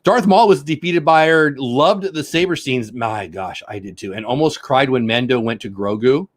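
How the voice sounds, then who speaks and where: A man's voice: medium pitch, moderate pace, dry recording. A middle-aged man hosting a casual home livestream, rambling and joking while reading chat comments aloud. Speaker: livestream host.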